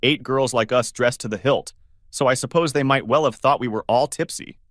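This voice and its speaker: A man's voice: mid-range voice, normal speed, a bit bright, no echo, studio quality, close to an everyday voice. A man voicing a frank, exasperated young woman friend in a story reading. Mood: blunt.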